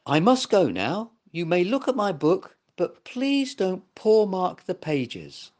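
A man voicing Timothy, a gentle young boy who owns the toys, in a slightly raised voice. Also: high-pitched, very animated, takes it slowly, voice pushed up, heavily acted.

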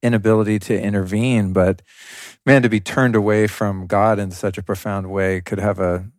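A man's voice: lowish voice, fairly even intonation, moderate pace, dry recording, studio quality. A man hosting a podcast interview, asking thoughtful questions and searching for words. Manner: thoughtful, searching, many fillers. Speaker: podcast host. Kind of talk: interview conversation.

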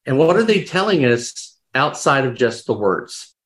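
As a guest on a podcast, a crisis responder recounts experiences reflectively and conversationally, restarting sentences often and performing bits of quoted dialogue. He has a mid-range, sing-song voice and keeps a measured pace.

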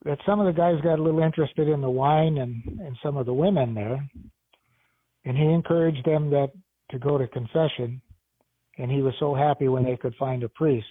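A man, a deacon, recalling memories of someone he knew in a halting, restarting way. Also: medium pitch, husky, dry recording. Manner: halting, many restarts and fillers. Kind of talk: interview recollection. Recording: tinny phone-like sound with faint music.

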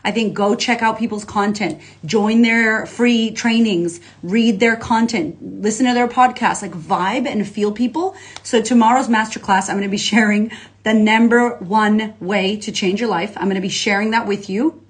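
Energetic, slangy woman life coach live. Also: medium pitch, moderate pace. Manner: energetic, slangy and profane, reads out viewer comments. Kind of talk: casual livestream talk to followers.

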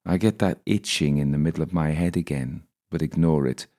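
Very deep, gravelly man to narrate a first-person audiobook with a dry wit. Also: a little fast, dark tone.

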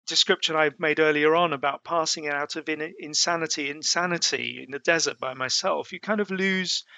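A middle-aged man tells his story in a gravelly, slightly raised voice with a bright edge. He speaks haltingly, restarting phrases often. The sound is close and dry, with no room around it. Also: fairly high pitch, no room sound. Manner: halting, with many restarts and fillers. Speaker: mountaineer telling his story. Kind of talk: casual spoken storytelling.

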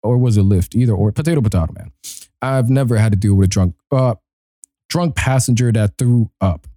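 A male podcast host telling a story in casual, slangy talk. He laughs often and jumps into high, excited voices when he acts out his own reactions. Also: moderate pace, no room sound, clean studio sound. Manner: slangy and loose. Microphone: desk mic he bumps.

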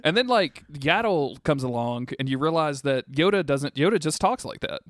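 A man's voice: on the high side, expressive, moderate pace, no echo, clean studio sound. A young man co-hosting a podcast in casual chat, cursing freely and trailing off mid-sentence. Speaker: podcast co-host.

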